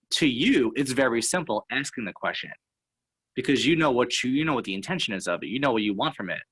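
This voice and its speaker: A man's voice: mid-range voice, a bit bright, low-quality recording. A man talking as a sales and motivational speaker in casual coaching talk, rambling and full of fillers and tag questions.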